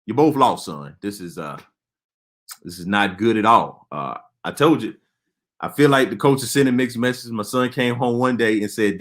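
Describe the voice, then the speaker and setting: A man's voice: lowish voice, animated, normal speed. A man doing stand-up comedy, telling stories in an exasperated, punchy way with lots of repeated phrases.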